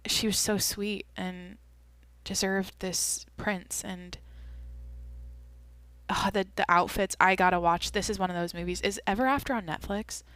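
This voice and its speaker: A woman's voice: medium pitch, fairly bright tone, clear, resonant tone, no echo. Rambling, swearing young woman host. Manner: rambling, swears often, thinks aloud. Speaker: podcast host. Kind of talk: casual solo chat.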